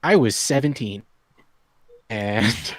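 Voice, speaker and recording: A man's voice: lowish voice, takes it slowly, no echo. A man in his thirties telling a long story to friends in a casual chat, laughing often and acting out the people he quotes. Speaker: podcast host.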